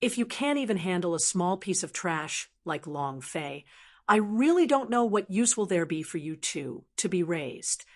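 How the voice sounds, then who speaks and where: A woman's voice: fairly low pitch, lively intonation, normal speed. A woman reading as a furious, ruthless clan elder. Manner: scornful barking orders.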